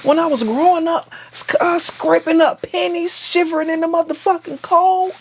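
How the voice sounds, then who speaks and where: A man voicing a bitter young man, the unclaimed son, in a shrill, furious, accusing tirade. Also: fairly even intonation, normal speed, slight background noise.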